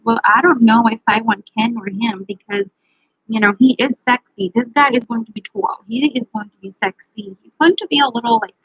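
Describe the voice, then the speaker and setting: Chatty bright-voiced woman reading tarot. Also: a little high, slightly rough, dry recording, muffled recording. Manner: chatty, playful, talks to viewers by name. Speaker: tarot reader. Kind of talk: live tarot reading stream.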